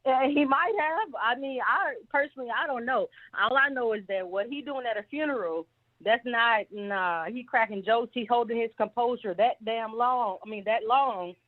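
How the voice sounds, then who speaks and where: A woman calls in to a live talk show and rambles through her opinions. She sounds fairly high-pitched, and her voice comes through a thin, tinny phone line. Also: normal speed. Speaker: caller. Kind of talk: call-in opinion.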